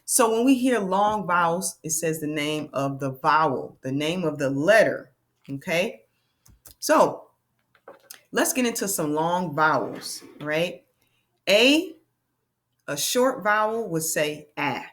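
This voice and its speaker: A woman teaches a children's phonics lesson, stretching out each vowel sound slowly. Her voice sits a little low for a woman. She keeps checking in with an encouraging "okay?". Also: animated, fairly bright tone. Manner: slow, drawn-out sounding of letters and vowel sounds.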